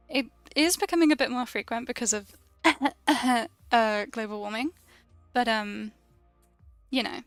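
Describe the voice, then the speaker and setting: A woman's voice: on the high side, creaky, fairly bright tone, no echo. A young British woman from the UK chatting casually and rambling while she draws on a stream, laughing often. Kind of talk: casual chat while drawing.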